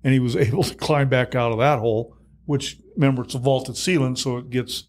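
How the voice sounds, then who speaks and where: A man in his sixties, a retired fire captain, telling stories in an interview, animated and quick to laugh. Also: medium pitch. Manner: animated storyteller, acts out dialogue, laughs often. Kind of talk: storytelling in a podcast interview.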